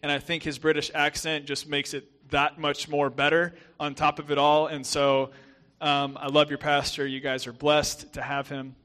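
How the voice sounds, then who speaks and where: A young adult man with a softened Southern American accent, preaching as a guest pastor in a chatty, self-deprecating way with many fillers and restarts. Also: fairly high pitch, little pitch movement, normal speed. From southern United States. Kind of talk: sermon.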